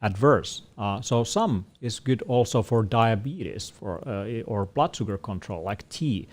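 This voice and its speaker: Guy with a lowish voice answering questions on a panel, lots of ums, calm. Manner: measured, explanatory, many fillers. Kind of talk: casual panel Q&A.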